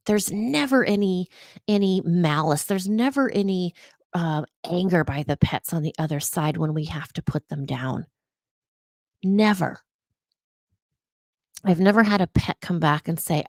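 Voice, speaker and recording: Slow-talking earnest woman psychic. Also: lowish voice, darkish tone, no echo. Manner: earnest, repeats words for emphasis. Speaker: psychic and vlogger. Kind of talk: casual vlog monologue.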